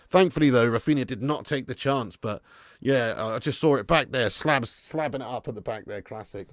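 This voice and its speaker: Chatty English football streamer, dry close mic. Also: male voice, medium pitch, brisk, no echo. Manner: chatty, laddish, swings from mumbling to excited bursts. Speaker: football watch-along host. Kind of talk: live-stream chat reading comments.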